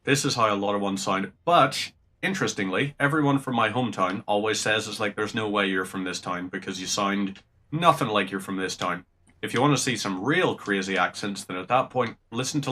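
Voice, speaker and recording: Streaming a game, a young Northern Irish man rambles in casual chat with the occasional swear word. His voice is fairly low, brisk, pushed and bright, and a faint hiss or hum runs underneath.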